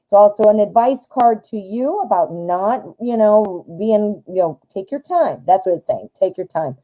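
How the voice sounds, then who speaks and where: A woman's voice: medium pitch, lively intonation, normal speed, dark tone, low-quality recording. A woman hosting a live tarot stream, reading cards in a chatty, upbeat way and talking straight to her viewers. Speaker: tarot reader, live show host.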